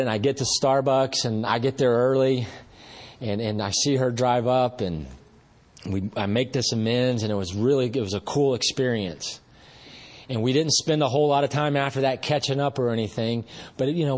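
A man's voice: medium pitch, fairly even intonation, brisk, darkish tone. A man giving a personal recovery testimony at a meeting, earnest and rambling, talking in a conversational way with frequent restarts. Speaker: speaker sharing recovery story.

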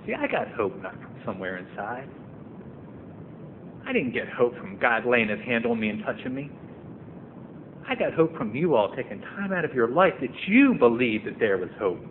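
With medium pitch and big pitch swings, a man at a moderate pace delivers recovery testimony at a meeting. His earnestness builds to emphatic and impassioned moments. The meeting-room audio is tinny and phone-like, carrying faint noise.

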